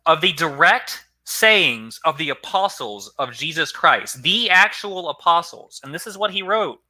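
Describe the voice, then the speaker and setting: A man with a very bright, slightly high voice talks through church history in a loose, conversational lecture. He often restarts his sentences and corrects himself. He breaks off now and then to greet viewers in a live chat. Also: lively intonation, measured pace. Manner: rambling, self-correcting, conversational. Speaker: philosophy channel host.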